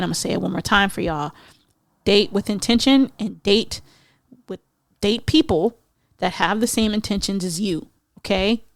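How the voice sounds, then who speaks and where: A woman's voice: lowish voice, vocal fry, dry recording, studio quality. A woman hosting a solo podcast, ranting bluntly and with profanity, slipping into mocking voices to make her points. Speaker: podcast host. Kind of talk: casual solo rant.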